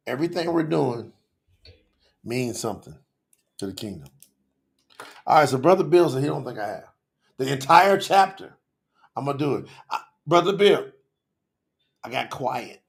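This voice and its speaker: A man hosting a live faith-community stream, talking passionately and excitably to viewers and calling out people by name. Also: mid-range voice, creaky. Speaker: livestream host. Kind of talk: lively livestream talk to chat viewers.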